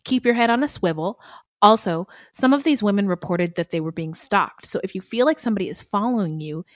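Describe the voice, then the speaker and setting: A woman co-hosting a casual true-crime podcast, animated and profane, and she often laughs mid-sentence. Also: mid-range voice, a little fast, dry recording, clean studio sound. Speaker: podcast co-host.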